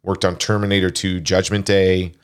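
A man's voice: low-pitched, flat delivery, moderate pace, smooth. A man hosting a casual movie podcast, reading through crew credits with frequent fillers. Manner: reads film credits, chatty with frequent fillers. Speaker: podcast host.

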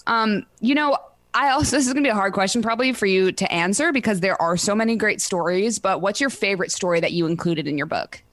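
A woman's voice: mid-range voice, quick pace, a bit bright. A woman hosting a casual interview, asking friendly questions. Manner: friendly, asks questions, laughs along.

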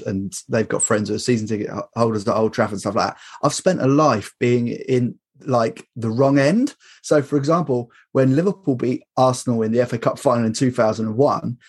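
A man's voice: medium pitch, a little mellow, husky. A man, chatting casually as a podcast guest, laughing often and restarting his sentences. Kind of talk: casual chat.

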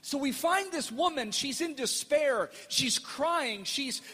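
A middle-aged male pastor telling a family story in a sermon, animated and playful, acting out the voices in his quotes. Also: very high voice, takes it slowly, long reverb tail.

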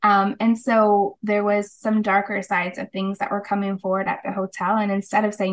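A woman's voice: medium pitch, flat delivery, fairly quick, hardly any pauses, rough recording. A middle-aged woman, a guest on an interview show, telling her story in an earnest, casual way and acting out the voices of people she quotes. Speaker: guest, holistic practitioner.

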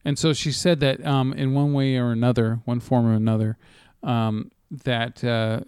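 Laid-back swearing podcast co-host. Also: male voice, medium pitch, little pitch movement, normal speed, darkish tone, smooth, no room sound, studio quality. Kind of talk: casual chat.

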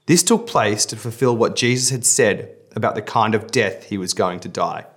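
A pastor reading scripture dramatically in a sermon, then talking to the congregation in a conversational way. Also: male voice, on the low side, normal speed, slightly rough.

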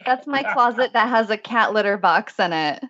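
A woman on a comedy podcast panel, speaking with dry deadpan humor. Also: medium pitch, moderate pace, lo-fi sound. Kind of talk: casual comedic panel chat.

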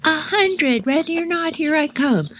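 A woman's voice: high voice, lively intonation, measured pace, fairly bright tone, slight background noise, voice pushed up. A woman voicing a cheerful, persistent young girl who is calling out in a sing-song way during a game. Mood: playful.

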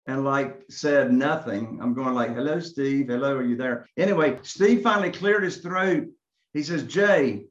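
A man from Eastern North Carolina, a real estate investor telling his story in a conversation and acting out phone calls. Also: medium pitch. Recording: echoey, dull lo-fi sound.

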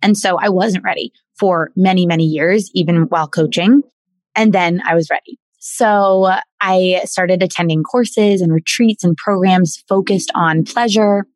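A woman coach telling her personal story in an interview, earnest and animated, often repeating and restarting words. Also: on the low side, dry recording. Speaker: guest, women's coach. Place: in Bali.

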